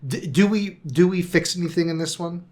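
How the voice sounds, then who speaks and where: A man's voice: high-pitched, a little fast. A man co-hosting a casual football podcast, chatting in a wry, self-deprecating way about his team's results. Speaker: podcast co-host. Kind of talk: casual sports chat.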